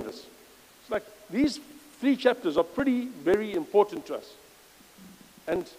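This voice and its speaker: High-voiced man preaching in a hall. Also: a little mellow. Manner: conversational, reads scripture aloud with emphasis, self-correcting asides. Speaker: lay preacher. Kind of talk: informal church sermon. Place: church.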